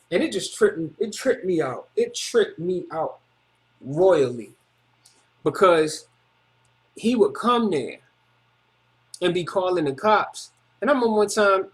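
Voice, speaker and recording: A man's voice: high-pitched, fairly bright tone. A man vlogging a personal story in a casual, rambling monologue, agitated, repetitive and full of slang.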